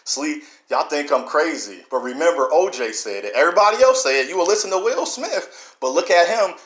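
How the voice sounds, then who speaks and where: Preachy man ranting in an echoey room. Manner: preachy, repetitive, swings between loud and low. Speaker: vlogger. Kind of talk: impassioned monologue to camera. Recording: roomy echo.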